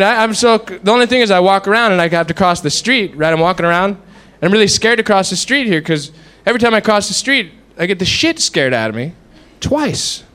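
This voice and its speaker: A man doing observational stand-up comedy in an animated way, mimicking everyday sounds with his voice. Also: slight background noise. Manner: animated, imitates sounds with high-pitched vocal noises. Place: comedy stage with live audience.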